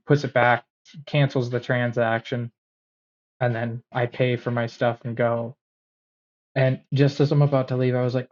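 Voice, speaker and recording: A man's voice: medium pitch, flat delivery, normal speed, a little mellow, muffled recording. A man co-hosting a podcast, telling a long casual story with plenty of fillers and restarts. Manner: rambling anecdote with fillers and restarts. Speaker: podcast co-host.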